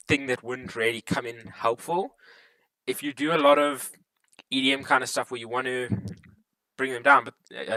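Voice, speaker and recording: A man's voice: medium pitch, bright, forceful tone, no echo, rough recording. A man hosting a livestream, casually explaining a lighting console setup in a rambling way with frequent restarts. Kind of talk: casual live tutorial chat. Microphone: desktop USB microphone.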